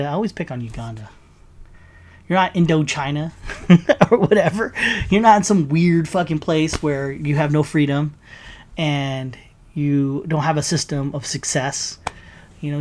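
A man hosting his own show, delivering a heated, profane, sarcastic solo rant to his listeners. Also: on the high side. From United States. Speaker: podcast host.

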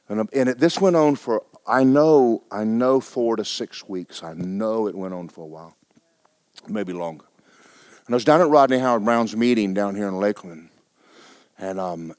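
A man, a pastor preaching and telling a story with animated bursts of loud shouting. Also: on the low side, no echo. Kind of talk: sermon.

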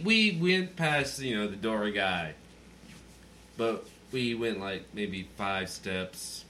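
Drunk, animated man telling a story. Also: medium pitch. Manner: animated, acts out quotes, swears a lot. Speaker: podcast host.

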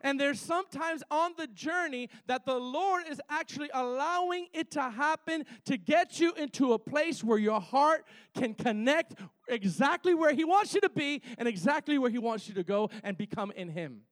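A man's voice: very high voice, animated, normal speed, no echo. A male preacher delivering a fervent sermon to his church, repeating phrases and calling for amens.

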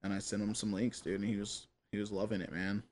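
A man's voice: lowish voice, level tone, fast talker, darkish tone, a little hiss or hum. A man hosting a casual chat, laid-back, full of "like", "dude" and "man". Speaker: host.

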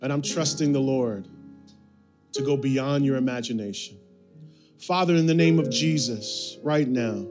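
A pastor preaching a sermon, repeating phrases and calling the congregation to respond. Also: male voice, medium pitch, normal speed, music in the background. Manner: repetitive, building preaching with call-and-response. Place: church sanctuary.

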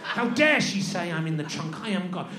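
A man's voice: sits high, sing-song, moderate pace, pitched below the performer's own voice. A man playing a petulant, vengeful God. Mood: furious. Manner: indignant, sputtering outrage. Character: petulant, vengeful male God, easily offended. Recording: echoey venue with crowd.

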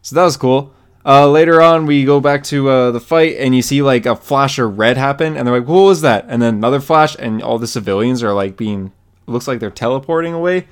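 Guy on a comics podcast, hyped recap, jumps into high voices for the characters. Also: fairly quick, smooth. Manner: excited retelling, acts out character lines in a higher voice. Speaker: podcast co-host. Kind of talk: casual comic book chat.

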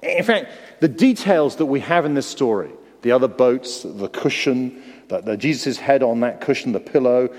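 A man preaching a sermon, animated, often repeating his words at the start of a phrase. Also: mid-range voice, moderate pace. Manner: animated, repeats words, acts out the disciples' cries. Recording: long hall reverb.

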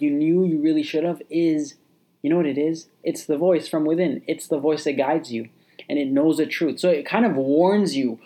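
A podcast host speaks directly to the listener in a motivational monologue that's casual and repetitive, often restarting sentences and leaning on fillers. His voice is on the high side and mellow.

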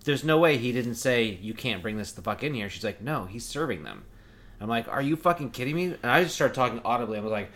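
A man's voice: medium pitch, lively intonation, quick pace, fairly bright tone. A man co-hosting a podcast, chatting casually and ranting profanely through his stories. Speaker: podcast co-host. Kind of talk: casual chat.

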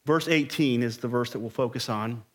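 A man's voice: mid-range voice, a little fast, a bit bright. A man preaching a Sunday morning sermon as pastor, emphatic and rising in intensity.

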